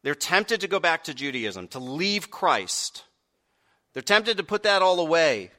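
A man preaching a sermon, asking the congregation direct questions and swinging from quiet earnest stretches to loud raised peaks. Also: a little high, sing-song, measured pace. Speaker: pastor.

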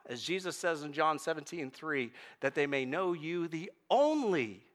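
A man's voice: a little high, expressive, moderate pace, few pauses, bright, forceful tone. A male pastor preaching a sermon, building to emphatic peaks as he reads and explains scripture.

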